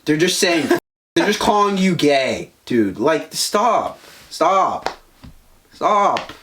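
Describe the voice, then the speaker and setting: Preachy young male co-host, slightly high voice, very animated. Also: drawn-out words, slight background noise. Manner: preachy, blunt, swearing. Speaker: podcast co-host. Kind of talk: casual chat.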